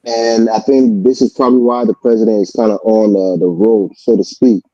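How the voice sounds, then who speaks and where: A man on a debate panel, arguing calmly and reasonably with many fillers. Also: on the low side, normal speed, no echo, muffled recording. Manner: calm, reasoning, many "you know"s.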